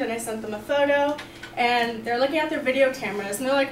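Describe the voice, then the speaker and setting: Talking at a quick pace in a high-sitting voice, this student storyteller, a young woman, shares a personal story with her class. She's upbeat and chatty, peppering it with "like" and "you know," heard from far off in an echoey room with faint background noise.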